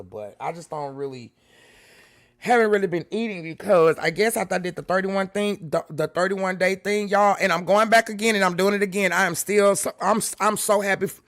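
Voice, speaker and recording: A woman from Houston with a Southern drawl hosts her livestream, chatting excitedly and breaking into loud laughter. Her voice rings bright and sharp. She talks to her viewers from her computer at home. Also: fairly low pitch. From Houston, Texas. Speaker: livestream host. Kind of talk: excited casual livestream chat.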